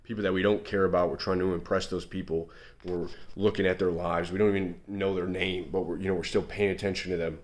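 Deep-voiced man giving earnest motivational advice. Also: little pitch movement, fast talker. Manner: earnest, frequent fillers and restarts. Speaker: men's self-improvement coach. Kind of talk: casual motivational talk to camera.

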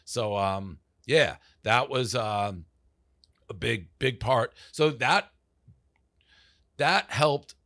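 A man speaks very slowly with long pauses in an expressive, medium-pitched, slightly bright voice, recorded as clean studio sound with no echo. As a podcast guest, he tells casual interview stories about founding his company, rambling and swearing, with lots of "like" fillers.

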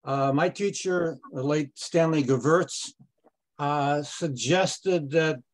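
A man in a study class politely breaks in to add a comment. He speaks in a slightly high voice, slowly and with hesitant pauses. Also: low-quality recording. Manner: polite, drawn-out interjection with hesitations. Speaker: class participant.

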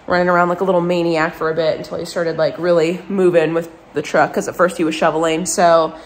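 A young woman talking casually to the camera for her vlog, chatty and excitable, full of fillers. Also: fairly low pitch, quick pace. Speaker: vlogger.

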